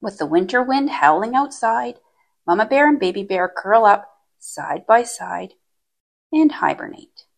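A woman reads a children's story aloud at a medium pitch, her voice lifting and dipping expressively. She sounds gentle and clearly paced for young listeners. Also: big pitch swings, unhurried.

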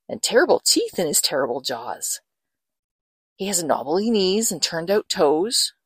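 A woman reading a children's picture book aloud in an expressive, sing-song storyteller manner. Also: deep voice, normal speed, breathy edge, no echo.

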